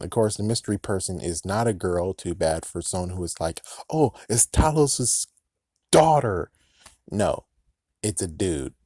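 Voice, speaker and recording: A man with a very low voice rambles through a show recap. He swears freely and laughs along the way. He is recorded close up in a dead, dry room. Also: vocal fry, darkish tone, no echo. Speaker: channel host recapping an episode. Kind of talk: casual recap vlog.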